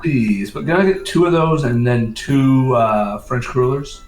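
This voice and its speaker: A man playing a tabletop game, giving relaxed, brief replies in character. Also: medium pitch, a little slow, reverberant, distant mic, soft background music. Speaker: player. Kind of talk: casual tabletop play.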